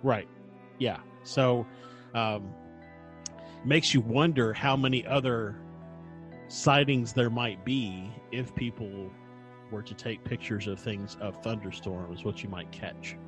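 A man's voice: on the low side, slow, soft background music. A man co-hosting a podcast in casual chat, hesitant and full of fillers. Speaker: podcast co-host.

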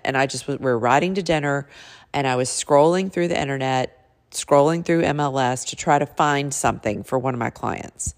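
A middle-aged woman in real estate tells a personal story in a chatty, earnest way, her deep voice carrying a big-room sound. As she goes on she turns teary, and her voice breaks.

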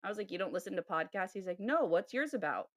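Podcast cohost lady, chatty and exasperated, mid pitch, dry close mic. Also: quick pace, no room sound. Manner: animated storytelling, laughs and sighs, mimics texts in a raised voice. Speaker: podcast co-host. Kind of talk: casual chat.

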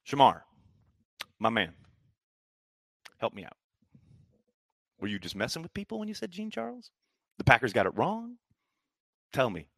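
A man's voice: mid-range voice, huge pitch swings, normal speed, creaky, pauses often, a bit bright, no echo, clean studio sound. A man hosting a live fan chat stream, hyped and chatty as he reads comments and answers questions. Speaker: podcast host reading chat.

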